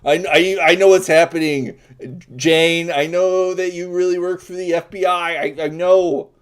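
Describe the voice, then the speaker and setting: A man's voice: high-pitched, fairly even intonation, unhurried, clear, resonant tone. A man co-hosting a podcast, joking in casual banter with dry asides and bursts of laughter. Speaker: podcast co-host.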